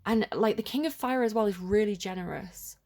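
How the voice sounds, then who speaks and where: A woman's voice: mid-range voice, fairly quick, darkish tone. Chatty woman thinking aloud through a tarot reading. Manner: rambling and chatty, full of "like" and "kinda"; tentative, thinks aloud while interpreting. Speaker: tarot reader. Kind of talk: unscripted collective tarot reading.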